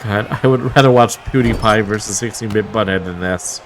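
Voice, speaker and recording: A man's voice: fairly low pitch, a little fast, slight background noise. A man calling a wrestling match play by play, with a wry, mocking manner and the odd chuckle. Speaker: wrestling commentator. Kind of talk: play-by-play commentary.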